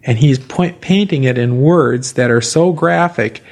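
Mid-pitched man speaking up in a Bible class. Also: measured pace, darkish tone. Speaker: class participant.

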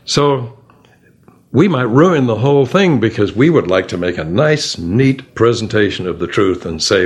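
A man leading a Bible study class, talking in an animated way and asking the group many rhetorical questions. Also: fairly low pitch, a little slow, slightly rough. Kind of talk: discussion-led Bible class.

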